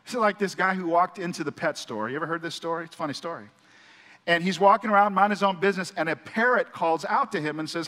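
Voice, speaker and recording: A man's voice: high voice, quick pace, sharp tone. Earnest male pastor in a reverberant church. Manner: earnest, conversational storytelling. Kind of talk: sermon. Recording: church hall with long reverb.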